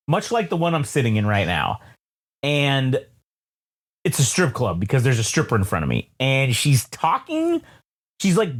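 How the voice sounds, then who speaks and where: A man co-hosting a loose album review chat, his pitch swinging widely as he rambles through a story. He swears constantly, laughs often, and jumps into loud, high, yelled quotes of himself. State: sweaty. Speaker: podcast co-host reviewing an album. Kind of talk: casual chat, animated storytelling.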